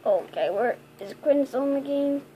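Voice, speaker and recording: High-voiced, excitable woman gamer. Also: normal speed, background noise. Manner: excitable, frequent squealing exclamations. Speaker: gaming video host. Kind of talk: gameplay commentary.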